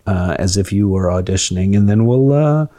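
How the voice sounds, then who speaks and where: A man's voice: low voice, expressive, moderate pace, mellow. A man hosting a comedy podcast, talking casually and rambling through the show's games. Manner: chatty, rambling, hesitant with restarts. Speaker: podcast host.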